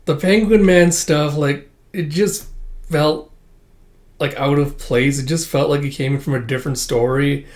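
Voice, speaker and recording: A man's voice: on the high side, steady tone, a little slow. A man hosting a casual manga read-through, rambling with many fillers and frequent chuckles. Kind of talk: casual reading commentary.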